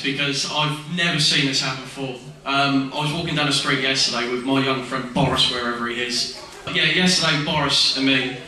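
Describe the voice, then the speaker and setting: A man hosting a convention stage, telling a jokey story and acting out quotes, heard from far off in an echoey hall. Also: mid-range voice. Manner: lively, jokey, acts out quotes. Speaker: event host.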